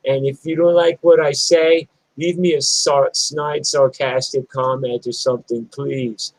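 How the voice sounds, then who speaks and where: A middle-aged punk musician ranting in a blunt, rambling, profane monologue vlog. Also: male voice, on the high side, fairly even intonation, slow, a little mellow, no room sound, poor audio.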